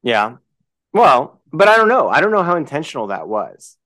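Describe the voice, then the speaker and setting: A man's voice: on the high side, very animated, normal speed, bright, forceful tone. A man co-hosting a podcast, chatting about a film and asking questions as he thinks aloud. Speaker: podcast co-host. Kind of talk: casual film discussion.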